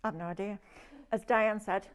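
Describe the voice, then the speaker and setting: A woman's voice: medium pitch, steady tone, moderate pace. A woman presenting a live shopping show, chatty and gushing as she praises each product. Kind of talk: live sales demonstration.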